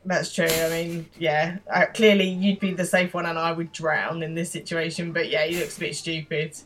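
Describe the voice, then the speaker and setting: A woman's voice: low voice, level tone, normal speed, noisy background. Woman casually recapping a show. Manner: describes scenes plainly, explains British slang. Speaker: podcast co-host.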